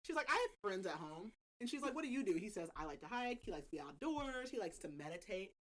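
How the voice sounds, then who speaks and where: Animated woman chatting about a book. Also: mid-range voice, fast talker, poor audio. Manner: chatty, laughs often, heavy filler "like". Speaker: podcast host. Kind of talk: casual book-club recap chat.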